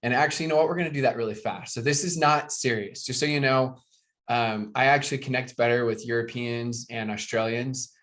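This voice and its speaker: A man from the United States giving an energetic, joking motivational sales training to a live video call audience, often asking his listeners questions. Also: mid-range voice, brisk. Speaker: network marketing trainer.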